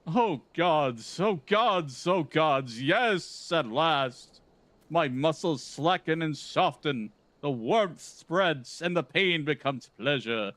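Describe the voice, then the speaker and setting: A man voicing a pompous, theatrical gentleman inspector in a game, with grandiose, flowery delivery. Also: fairly high pitch, expressive, slow, no room sound, pitched above the performer's own voice. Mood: relieved.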